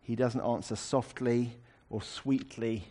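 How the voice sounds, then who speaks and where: A man's voice: medium pitch, fairly even intonation, takes it slowly, warm tone. Man preaching a conversational sermon. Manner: conversational, explanatory, with wry asides.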